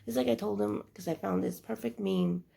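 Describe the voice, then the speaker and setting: A woman's voice: medium pitch, fairly even intonation, a little fast, gravelly, mellow. A young adult woman giving earnest, rambling life advice in a casual monologue. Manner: earnest, preachy, rambling with restarts.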